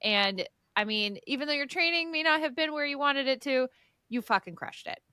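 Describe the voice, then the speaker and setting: A woman's voice: high-pitched, moderate pace, pushed and bright, dry recording, studio quality. A woman hosting a podcast, encouraging her guest in a casual chat with some swearing. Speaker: podcast host.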